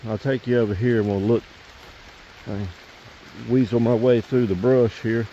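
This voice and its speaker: A man narrates a casual outdoor vlog by a pond, talking to viewers in a meandering, down-home style. He speaks at a normal speed in a steady, dark-toned mid-range voice, captured on dull lo-fi camera audio with slight hiss or hum.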